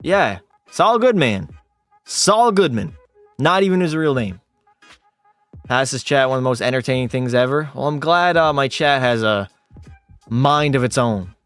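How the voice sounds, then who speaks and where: A man's voice: measured pace, pauses often, clear, resonant tone, dry recording, faint music behind. A Canadian man casually chatting on a game livestream, reading out and answering viewer messages in a bantering way. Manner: chatty, bantering with chat, animated jumps in pitch. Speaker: gaming streamer.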